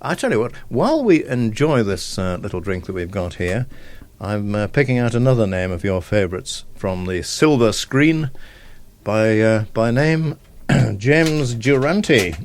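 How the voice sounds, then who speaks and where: A man's voice: on the low side, expressive, unhurried, slight background noise. A man presenting a radio show, chatting casually with a guest, hesitant and full of fillers. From Isle of Man.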